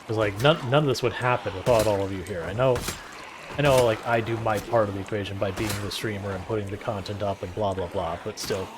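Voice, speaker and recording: A man's voice: lowish voice, fast talker, noisy background. A man streaming a game and chatting casually, rambling and sarcastic, often restarting his sentences. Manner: rambling, self-deprecating and sarcastic. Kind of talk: casual gameplay chat.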